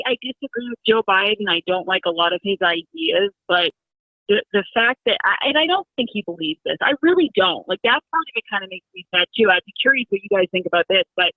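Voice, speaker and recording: A woman's voice: mid-range voice, expressive, no echo. Earnest opinionated woman guest, phone-line sound, dry. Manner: earnest, opinionated, with halting restarts. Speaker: radio show guest. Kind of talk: political talk radio chat. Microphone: telephone.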